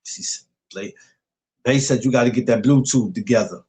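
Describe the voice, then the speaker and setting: A man's voice: mid-range voice, normal speed, warm tone. Chill guy hosting a live podcast, middle voice, laughs a lot. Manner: easygoing, laughs a lot, greets viewers. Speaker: podcast host. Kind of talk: casual livestream chat.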